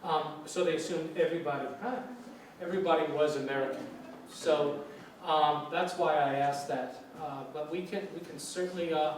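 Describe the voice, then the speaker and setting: A man from New York City giving an informal talk as a guest lecturer on English, relaxed and chatty with many fillers and restarts. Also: on the high side, moderate pace, far from the mic. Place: university lecture room. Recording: echoey room, from afar, faint hiss.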